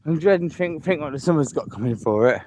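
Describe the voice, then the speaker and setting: A man's voice: fairly high pitch, animated, quick pace. Man, casual walking vlogger outdoors, winded from the hill, repeats his praise, faint background hiss. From England. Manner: chatty, repeats himself, enthusiastic about scenery. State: out of breath walking uphill. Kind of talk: casual live walking vlog. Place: outdoors on a seaside hill path.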